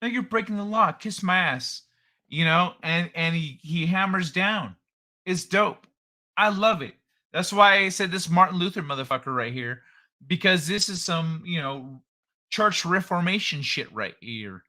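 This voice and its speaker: A man's voice: a little high, lively intonation, unhurried, pushed and bright. A man hosting a live stream, chatting loosely and profanely in a rambling, joking way. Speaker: streamer host. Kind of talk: casual live-stream chat.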